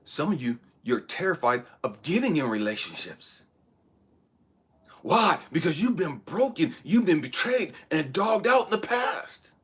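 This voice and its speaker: A man's voice: a little high, sing-song, measured pace, fairly bright tone, breathy edge. A man in his thirties giving a spiritual motivational talk, preaching with bursts of emphasis that drop to near-whispers. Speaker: motivational speaker.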